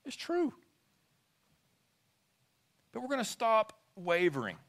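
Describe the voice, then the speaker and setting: A man preaching to his congregation, keeping them involved with question after question. His voice sits high and bright, and it rises and falls widely as he goes. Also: wildly swooping pitch, slow. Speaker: pastor. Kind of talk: sermon. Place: church sanctuary.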